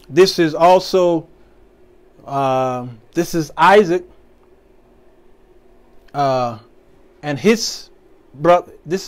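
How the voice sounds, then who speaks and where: A man hosting his own show, giving informal, folksy, preacher-style commentary and laughing between points. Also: a little high. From American Midwest. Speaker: show host.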